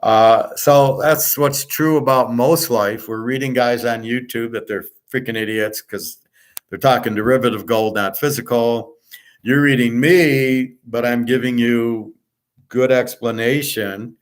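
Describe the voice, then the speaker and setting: A man's voice: mid-range voice, steady tone, unhurried. A middle-aged man hosting a sports betting channel, talking in a blunt, crude, rambling monologue full of fillers and digressions. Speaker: sports handicapping host.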